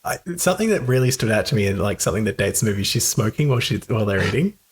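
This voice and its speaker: Man, podcast co-host, husky voice, chatty, laughs a lot, casual movie talk. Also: lowish voice, sing-song, rapid-fire. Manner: chatty, laughs often, lots of fillers and restarts. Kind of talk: casual film-review chat.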